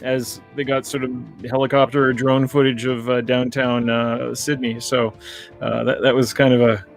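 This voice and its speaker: A man co-hosting a film podcast, chatting casually in a halting way with many fillers. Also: mid-range voice, flat delivery, gravelly, soft background music. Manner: hesitant, halting, fills with uh and like. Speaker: podcast co-host. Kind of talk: casual chat.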